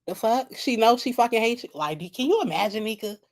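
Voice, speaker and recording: A woman's voice: a little high, expressive, fast talker. A woman streaming live at night and making mocking, rambling, profane comments about a video while she laughs at her own jokes.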